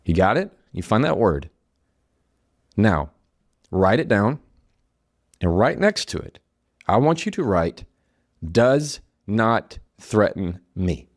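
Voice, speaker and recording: A man giving a motivational talk, coaching the listener directly and telling a story with animated delivery. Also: lowish voice, unhurried, pauses often. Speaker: attorney giving life advice.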